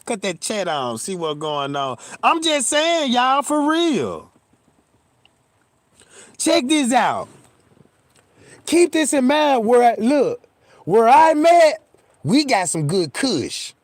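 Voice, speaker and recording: A middle-aged man telling a comic story in a casual, profane, animated way, acting out scenes and checking in with his listeners. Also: very high voice, no echo.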